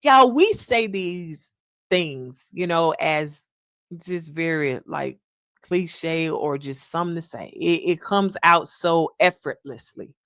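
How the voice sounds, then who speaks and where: A woman's voice: deep voice, lively intonation, takes it slowly, a bit bright, no echo, studio quality. A woman hosting a podcast in an earnest, casual monologue, calling listeners "y'all" and acting out little quotes. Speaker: podcast host.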